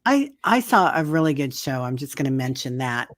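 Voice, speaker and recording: A woman with a deep, low voice co-hosts a casual livestream chat. She talks in a chatty way and reads viewer comments aloud. The sound is dry and close, over a video call mic. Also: big pitch swings, normal speed, no echo.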